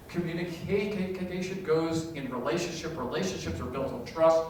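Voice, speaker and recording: A middle-aged man preaching a sermon as pastor, animated and self-deprecating, acting out quoted voices. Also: on the high side, a little fast, few pauses, distant mic, slight background noise. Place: church sanctuary. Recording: echoey hall, voice from off-mic.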